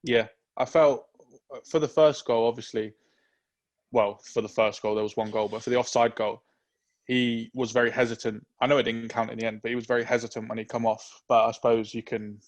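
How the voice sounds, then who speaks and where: Relaxed man talking football. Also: medium pitch. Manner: relaxed, opinionated, drawn-out reasoning. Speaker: podcast co-host. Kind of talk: casual football chat.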